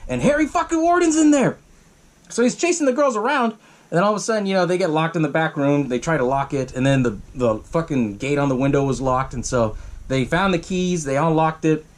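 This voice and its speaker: A man hosting a podcast, casually recapping a horror movie plot in a rambling, profane way, full of "you know" and little chuckles. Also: mid-range voice. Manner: chuckles while telling it. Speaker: podcast host.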